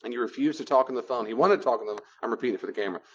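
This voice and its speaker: A man teaching a class on boundaries, lecturing and acting out both sides of short dialogues in an animated way. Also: medium pitch, racing, husky, dull audio. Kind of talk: classroom lecture with role-play examples.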